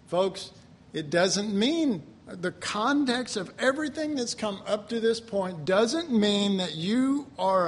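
A man preaching a sermon in an animated way, laughing often and bursting into loud shouts. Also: high voice.

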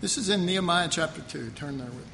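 A man with a high voice preaches, animated and emphatic, pressing his key points home. His voice rings through a reverberant hall with a faint background hum. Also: quick pace, gravelly. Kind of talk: sermon. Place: church hall.

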